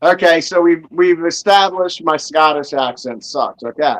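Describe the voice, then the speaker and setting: A man co-hosting a casual podcast chat, joking and animated, quick to laugh at himself. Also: fairly high pitch, poor audio. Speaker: podcast co-host.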